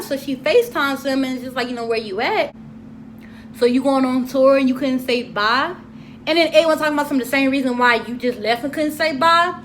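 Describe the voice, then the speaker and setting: A woman's voice: high voice, slight background noise. A young adult woman giving a casual, profane and sassy review of a reality TV episode. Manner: profane, animated, sassy commentary. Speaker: TV show reviewer. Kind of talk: casual solo review vlog.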